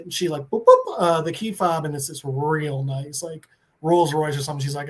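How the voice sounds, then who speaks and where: A man on a podcast, recapping a comic book story with excitement and swearing, briefly voicing the characters. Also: fairly high pitch, a little fast. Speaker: podcast co-host.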